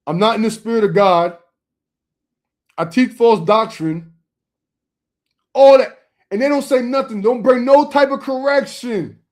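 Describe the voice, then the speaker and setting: High-voiced, emphatic streetwise man preaching. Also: normal speed. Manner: emphatic, streetwise, repetitive phrasing. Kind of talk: informal preaching to camera.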